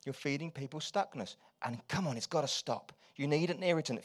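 A man preaching a sermon, moving between quiet, confiding asides and loud, urgent exhortation. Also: a little high, brisk. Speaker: pastor.

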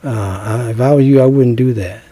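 A man voicing a cautious older man, who gives a young husband advice in a hushed, wary tone. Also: medium pitch, moderate pace, no echo, voice pushed down, close to an everyday voice. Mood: warning.

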